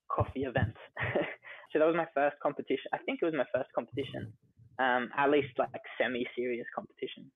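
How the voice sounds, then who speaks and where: A young Australian man with a medium-pitched voice talks as a guest in a casual interview, sharing stories about being a coffee entrepreneur. He's chatty and uses fillers like "like" and "you know" constantly, and the phone-like recording is dry with no echo.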